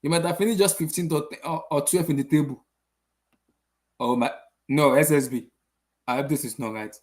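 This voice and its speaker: A man's voice: fairly high pitch, normal speed. A young man hosting a casual football channel, ranting after a match with exasperated rhetorical questions and lots of repetition. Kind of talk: casual post-match rant.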